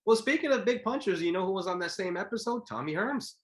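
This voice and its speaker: A man's voice: sits high, fast talker. A man co-hosting a casual boxing history podcast, telling stories and acting out the quotes. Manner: animated storyteller, acts out quotes. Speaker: podcast co-host. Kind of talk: casual chat.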